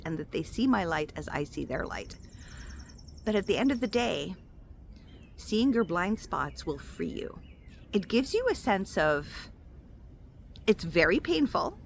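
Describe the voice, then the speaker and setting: A woman spiritual coach gives a casual motivational talk, animated and expressive. Her voice sits at a middle pitch and rises and falls a great deal as she speaks. She addresses the listener warmly as "my love.". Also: a little hiss or hum. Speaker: spiritual coach and intuitive healer.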